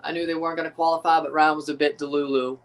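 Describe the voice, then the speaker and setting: A man's voice: a little high, level tone, rapid-fire, far from the mic. A man hosting a live sports watchalong, ranting profanely and repeating himself. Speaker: livestream watchalong host. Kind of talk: live sports reaction rant. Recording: voice a bit off the mic.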